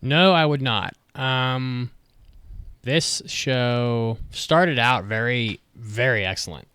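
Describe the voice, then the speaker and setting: A man on a podcast tears into a show in a blunt, swear-laden rant. His voice is smooth and clear. The recording is dry and close, with no room sound. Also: medium pitch, takes it slowly, bright, forceful tone, dry recording. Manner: blunt, profane, ranting. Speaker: podcast co-host. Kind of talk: casual review chat.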